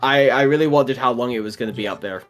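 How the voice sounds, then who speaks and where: A man talks easily on a casual podcast, hesitating and trailing off as he thinks aloud. His pitch sits in the middle for a man. A faint guitar line plays behind him. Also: quick pace. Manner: easygoing, hesitant, with short replies and quiet laughs. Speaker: podcast co-host. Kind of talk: casual chat.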